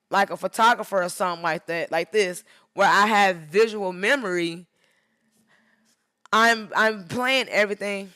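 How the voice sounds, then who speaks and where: A woman talking on a livestream while she edits, with a bright, forceful tone. She rambles and leans hard on her points, sliding into preachy advice, and sounds worn out. The recording is dry and close. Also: mid-range voice, no room sound. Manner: rambling, emphatic, drifts into preachy asides. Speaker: photographer livestreaming her editing. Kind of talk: casual livestream talk.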